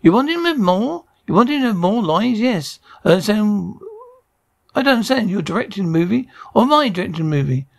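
A man's voice: high voice, animated, fast talker, creaky, full character voice. An actor playing a short-tempered, self-important male film director in a sitcom, exasperated and snapping. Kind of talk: sitcom acting.

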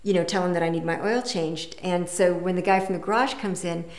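A woman telling a personal story in an unhurried, reflective way, pausing with fillers and restarts. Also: fairly low pitch, steady tone, roomy sound. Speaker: meditation teacher.

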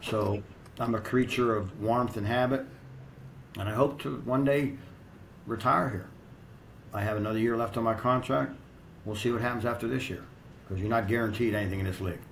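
A man's voice: mid-range voice, steady tone, fairly quick, gravelly, long pauses, a little hiss or hum, poor audio. A middle-aged American man and strength coach telling blunt, profane, rambling stories in a casual interview.

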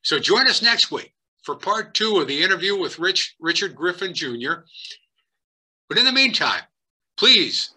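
Husky, bright-voiced male host. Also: high voice, sing-song, a little slow, soft background music. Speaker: interview host. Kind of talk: scripted sign-off.

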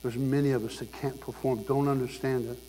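A man's voice: medium pitch, little pitch movement, a little fast, dark tone. A male preacher delivering a sermon, emphatic and exhorting his congregation. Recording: long hall reverb with faint mains hum.

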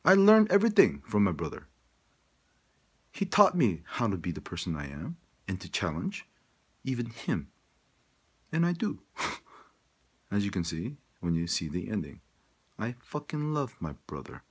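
A man's voice: on the low side, huge pitch swings, a little slow, long pauses, slightly rough. A man talking straight to his audience in a rambling, profane, emphatic monologue. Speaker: vlogger.

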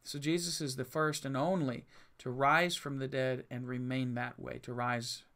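At normal speed and medium pitch, his voice sounds pushed and bright, with little rise or fall. This male pastor reads Bible passages aloud and earnestly, emphatically unpacks them in simple language, frequently starting sentences over.

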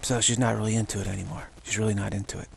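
A man's voice: on the low side, flat delivery, racing, creaky, slight background noise. A man giving a rambling spiritual talk at home, repeating himself and chuckling as he goes. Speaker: spiritual teacher. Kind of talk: casual spiritual monologue. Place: at home, self-taped.

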